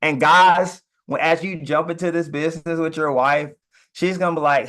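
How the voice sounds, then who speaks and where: A man talking casually about marriage and business, animated, stumbling on words and laughing often as he talks. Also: fairly high pitch, moderate pace. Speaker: co-host.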